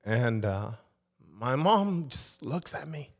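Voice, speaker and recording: A man's voice: mid-range voice, big pitch swings, slow pace. A middle-aged man telling his personal faith testimony as a podcast guest, acting out the dialogue with a raised voice. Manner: storytelling, acts out dialogue in raised voice.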